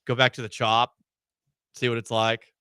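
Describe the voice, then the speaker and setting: A man's voice: medium pitch, completely flat delivery, normal speed, pushed and bright, clear, resonant tone, no room sound. A man hosting a sports talk radio show in a studio, talking casually with a wry, sarcastic edge.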